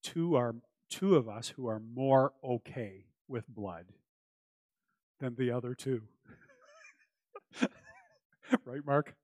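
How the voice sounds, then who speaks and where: A man delivers a sermon as a pastor, earnest and emphatic, circling back to his key phrases. His voice sits in an ordinary middle pitch. The sound is close and dry, with little room in it. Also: slow, pauses often, a little mellow, no echo.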